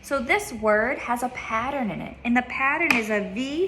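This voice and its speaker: A woman's voice: a little high, animated, moderate pace, noisy background. A woman teaching a child reading in a one-on-one lesson, patient, repeating her questions and checking in with "okay?".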